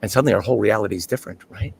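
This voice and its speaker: A man performing an earnest, reflective personal storytelling monologue with dramatic swings in pitch and loudness. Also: very fast, gravelly, slight background noise.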